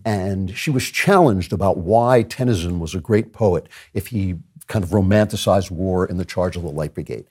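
A man hosting his own show, delivering an earnest opinion monologue with personal asides and repeated phrases. His pitch rises sharply when he makes a point. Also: moderate pace, few pauses, a little mellow, slightly rough. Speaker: show host.

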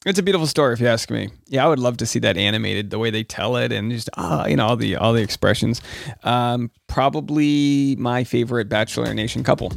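A man's voice: medium pitch, fairly even intonation, fairly quick, gravelly, no echo. A man hosting a podcast, chatting casually and joking between played clips. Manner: joking, chatty, lots of asides. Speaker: podcast host.

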